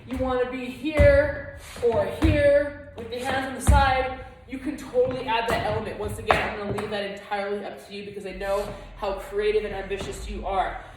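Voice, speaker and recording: Woman, dance instructor, chanting counts, distant, echoey studio, music playing. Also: fairly high pitch. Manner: chants rhythms and counts aloud. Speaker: flamenco dance teacher.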